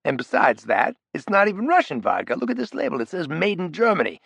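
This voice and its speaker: A man voicing a brash, profane, big ex-criminal in an audiobook, loud and needling, his pitch jumping up. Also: huge pitch swings, quick pace, creaky, breathy edge, no echo, heavily acted. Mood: incredulous. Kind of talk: audiobook character voice.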